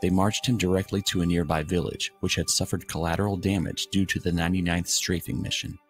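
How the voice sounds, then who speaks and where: A man reading documentary narration from a script in a measured, formal way. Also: low voice, flat delivery. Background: background music.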